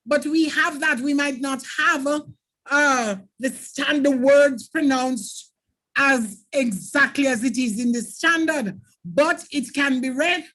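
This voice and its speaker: A woman's voice: high-pitched, slow, fairly bright tone. A woman from Jamaica with a Jamaican accent, teaching an exam preparation lesson and talking straight to her students in an emphatic, instructive way.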